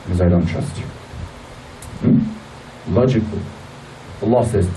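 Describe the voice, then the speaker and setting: A man's voice: deep voice, moderate pace, pauses often, mellow. A man giving a religious lecture in a mosque hall, emotional, acting out the voices in his stories. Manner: emotional, acts out voices in storytelling. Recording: distant mic in a hall with faint noise.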